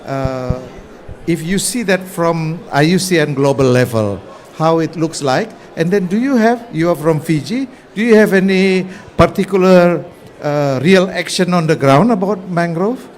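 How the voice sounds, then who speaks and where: A man moderating a conference panel, asking the panelists informal, halting questions. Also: fairly high pitch, lively intonation, darkish tone. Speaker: session moderator. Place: conference pavilion.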